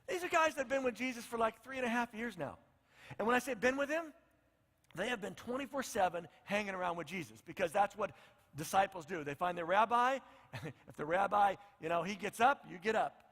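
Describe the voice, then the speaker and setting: A man's voice: sits high, lively intonation, a little fast, fairly bright tone, in a large hall. A male pastor preaching a conversational sermon, acting out the lines of the people in his story. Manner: conversational, acts out the disciples' lines.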